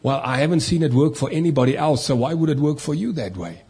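A man's voice: a little high, expressive, quick pace, mellow, slightly rough. A man preaching a sermon as a pastor, asking rhetorical questions and acting out the complaining voices of others.

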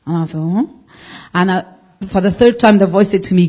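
A woman tells her testimony before a congregation in a mellow, warm voice. She speaks earnestly, restarting sentences and phrasing things loosely as the story pours out. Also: medium pitch, fast talker. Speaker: congregation member giving testimony. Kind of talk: personal testimony.

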